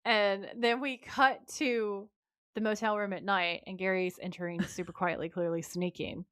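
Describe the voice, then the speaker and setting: A woman's voice: mid-range voice, moderate pace, dry recording, studio quality. A woman co-hosting a podcast, recapping a TV episode in casual chat, telling the story with energy and swearing freely. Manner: animated storytelling, voices the characters' lines. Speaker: podcast co-host.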